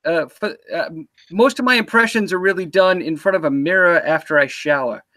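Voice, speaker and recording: A man's voice: sits high, brisk, bright, forceful tone. A man hosting a casual live-stream chat on a video call, playful and teasing his guest. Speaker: host.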